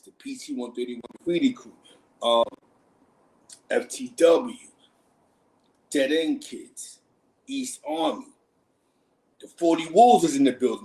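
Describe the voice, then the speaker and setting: The recording is rough, but it carries a medium-pitched man from Harlem, New York, hosting a livestream. He spins casual street stories in slangy talk, animated throughout and often laughing.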